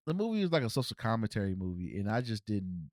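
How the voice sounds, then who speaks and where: Talking at a quick pace, a Cincinnati man runs a casual one-man movie review podcast. He tends to ramble, starting over frequently and using fillers, with pitch that swings in an animated way. It's a dry, studio-quality recording.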